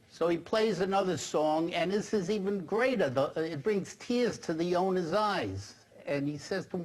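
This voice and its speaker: A man telling a long joke at a steady storytelling pace with small fillers. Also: high voice, normal speed.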